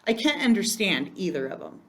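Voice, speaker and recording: A woman's voice: medium pitch, very animated, a little fast, a bit bright. A woman reading aloud, voicing a patient, proud schoolteacher wife in a children's story. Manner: patient, matter-of-fact. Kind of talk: children's book read aloud.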